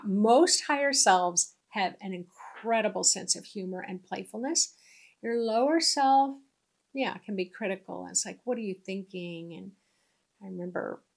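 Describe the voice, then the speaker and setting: A middle-aged woman giving a gentle, unhurried spiritual teaching talk with soft asides. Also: mid-range voice.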